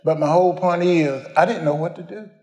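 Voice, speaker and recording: A man's voice: a little high, fairly quick, darkish tone, roomy sound. An older man, preaching a folksy storytelling sermon, rambling and homespun as he addresses the congregation.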